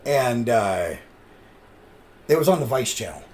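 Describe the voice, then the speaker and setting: A man hosting a podcast, chatting casually and telling stories with animated delivery. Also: mid-range voice, measured pace. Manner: animated storyteller. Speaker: podcast host. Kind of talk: casual chat.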